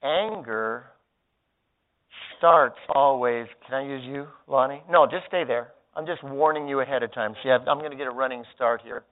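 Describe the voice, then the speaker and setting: A man who is a pastor, teaching a seminar in front of an audience and acting out quoted thoughts, swinging from loud outbursts to hushed words. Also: mid-range voice, normal speed. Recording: tinny phone-like sound.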